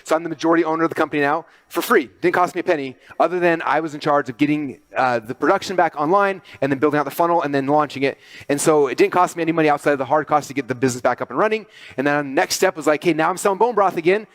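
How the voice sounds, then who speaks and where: A middle-aged man giving an animated business talk to an audience, talking quickly and excitedly with many fillers and restarts. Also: on the high side, dry recording. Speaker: speaker presenting to an audience.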